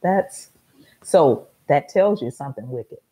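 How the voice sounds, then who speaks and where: A woman's voice: a bass voice, expressive, slow, warm tone, breathy edge, poor audio. A middle-aged woman hosting a talk show, telling a story in an emphatic, repetitive monologue.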